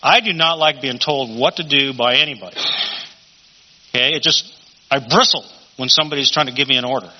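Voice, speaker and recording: A man's voice: mid-range voice, fairly quick, pauses often, a little hiss or hum. A man teaching a Bible study in a conversational sermon style, often asking rhetorical questions. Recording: dull lo-fi recording.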